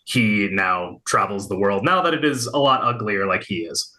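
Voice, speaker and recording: A comic writer from Little Rock, Arkansas, with no regional accent, chats as an interview guest with lots of fillers and restarts. His fairly low voice is bright and forceful, with lively intonation at a normal speed.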